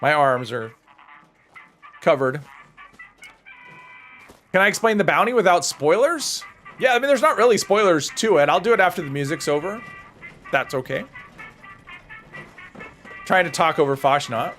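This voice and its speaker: A man's voice: on the high side, expressive, moderate pace, pauses often, fairly bright tone, slight background noise. A man streaming a game live, chatting casually while he plays and rambling through viewer comments with self-deprecating humor. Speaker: gaming livestreamer.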